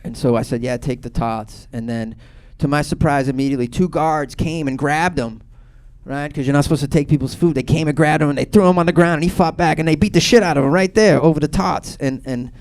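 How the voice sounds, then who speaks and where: A man in his thirties from Boston doing a stand-up comedy set, telling a loose, profane story with sudden loud bursts. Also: a little high, quick pace, few pauses. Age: 30s.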